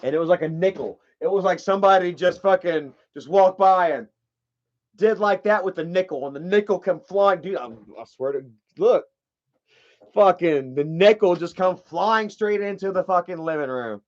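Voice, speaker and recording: Man, young adult, high voice, rambling profane storytelling, muffled lo-fi audio. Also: normal speed. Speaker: streamer telling a story. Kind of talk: casual storytelling to viewers. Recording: dull lo-fi stream audio.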